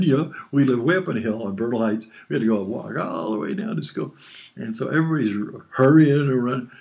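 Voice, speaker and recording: With a medium-pitched, slightly mellow voice, a father from Hawaii casually recounts rambling stories of his childhood family life during an interview. He's an older man who chuckles often as he goes.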